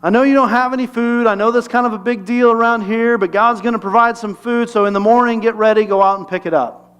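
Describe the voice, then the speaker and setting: A man's voice: very high voice, fairly even intonation, fast, fairly bright tone, clean tone, pitched above the performer's own voice. A man voicing a leader who addresses his people in a plain, matter-of-fact way. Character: Moses, male leader, reassuring the people.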